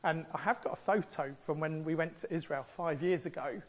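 High-voiced male preacher giving a sermon. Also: fairly quick. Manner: animated storytelling delivery, acts out quoted voices.

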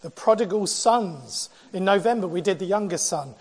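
A man preaching a sermon, asking rhetorical questions and working through the passage in a measured way. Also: high voice, animated, breathy edge, big-room sound. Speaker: pastor.

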